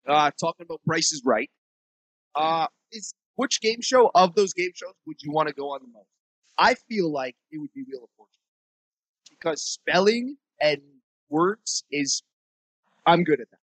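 A man's voice: fairly high pitch, expressive, normal speed, pauses often, fairly bright tone, no room sound, rough recording. A man co-hosting a podcast in a temporary studio, chatting casually, joking, laughing often and swearing freely. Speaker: podcast co-host. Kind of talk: casual chat.

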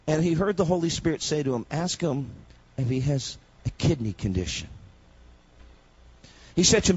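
A man preaching a sermon, moving between quiet storytelling and loud shouted proclamation. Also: fairly high pitch, expressive, brisk, husky, dry recording, highs cut off.

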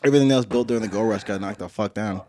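A man's voice: on the low side, racing, dark tone. A man telling a story in a casual podcast chat, laughing often and acting out noises. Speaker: podcast co-host.

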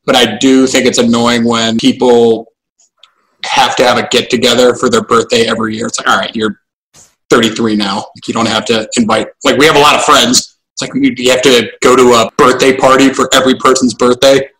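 A man in an easygoing podcast conversation with an average-pitched voice. He responds with dry, wry remarks. His delivery stays laid-back and conversational. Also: little pitch movement, fairly quick, fairly bright tone, low-quality recording. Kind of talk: casual chat.

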